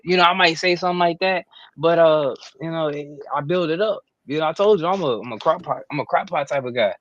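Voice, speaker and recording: A man's voice: a little high, fast, fairly bright tone, dull audio. A man co-hosting a casual chat podcast, rambling with lots of filler phrases. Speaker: podcast co-host.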